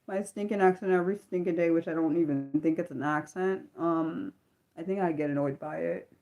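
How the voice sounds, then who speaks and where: A woman's voice: on the low side, darkish tone. Woman, Maryland accent, livestream host, casual unscripted chat, rambling, hesitant, lots of fillers. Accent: Maryland American. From Maryland, USA.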